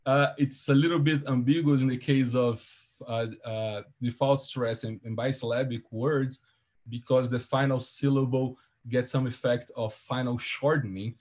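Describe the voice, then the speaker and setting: A man giving an academic seminar presentation over a video call, walking through his slides step by step in a measured, explanatory way. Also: medium pitch, fairly even intonation, a little mellow.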